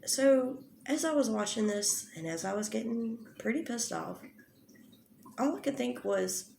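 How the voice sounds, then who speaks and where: A drama commentary YouTuber, a woman, rants angrily, firing off confrontational rhetorical questions and swearing often. Her fairly high, creaky voice has a darkish tone at a moderate pace, recorded in an echoey room with a little hiss or hum.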